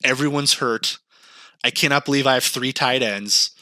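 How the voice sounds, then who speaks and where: A man's voice: medium pitch, normal speed, pushed and bright, no room sound. A man voicing a fantasy football manager who frets over his badly drafted team. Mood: dismayed. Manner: fretful, exasperated. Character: panicked fantasy football manager, male, worried.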